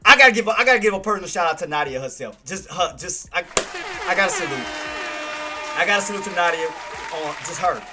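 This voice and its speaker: A man recapping trades on a casual livestream, talking to his viewers and giving them repeated, excited shout-outs over music. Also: high-pitched, fast, crowd noise, background noise. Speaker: stock trading streamer.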